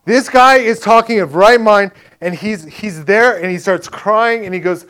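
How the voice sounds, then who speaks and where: A man with a high, clean, slightly bright voice recounts his personal faith journey in a relaxed, conversational style. He leans on "like" and "right?" and voices other people's words in quick back-and-forth, as casual spoken storytelling.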